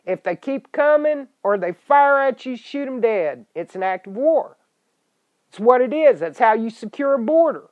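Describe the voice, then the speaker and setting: A middle-aged woman, hosting a political podcast in an angry, scolding rant with sudden loud outbursts. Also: on the high side, lively intonation, normal speed. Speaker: podcast host. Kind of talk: ranting political podcast monologue. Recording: dull lo-fi internet radio stream.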